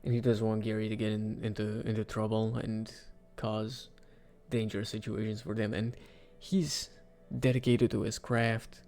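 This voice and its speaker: A man giving casual, rambling commentary for a video, with sudden excited outbursts. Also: fairly low pitch, moderate pace, soft background music. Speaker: video creator. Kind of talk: casual commentary ranking game characters.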